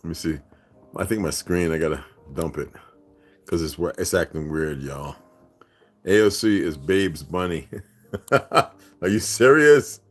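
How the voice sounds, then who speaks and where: A man's voice: deep voice, expressive, unhurried, long pauses. A man hosting a casual livestream, rambling and profane, laughing often as he talks. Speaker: livestream host.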